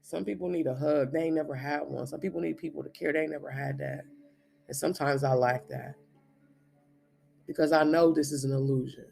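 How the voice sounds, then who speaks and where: A man's voice: fairly high pitch, steady tone, fairly quick, vocal fry, darkish tone, soft background music. Blunt, profane man in his thirties. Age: 30s. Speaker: spiritual reader and medium. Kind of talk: profane spiritual monologue.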